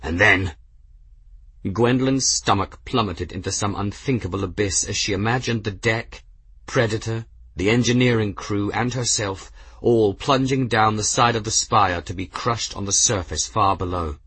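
In a close, dry recording free of any room sound, a man with a low, husky voice narrates a novel as an audiobook reader. His scripted delivery is steady and measured.

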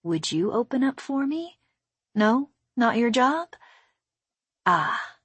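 A woman voicing a young female mechanic who speaks softly and playfully to a lock, as if cooing to it. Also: on the high side, sing-song, drawn-out words, breathy edge, dry recording, voice pushed up, exaggerated voice. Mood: coaxing.

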